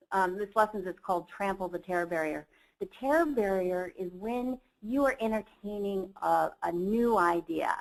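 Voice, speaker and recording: A woman's voice: fairly low pitch, creaky, low-quality recording. A middle-aged woman, a company CEO, giving a motivational seminar talk and telling an earnest personal story.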